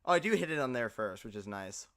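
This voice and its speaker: A man's voice: medium pitch, fast talker, no room sound. Guy streaming, chatty reaction commentary, bouncy voice going all over the place, dry close mic. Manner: animated, chatty reactions with loose filler words.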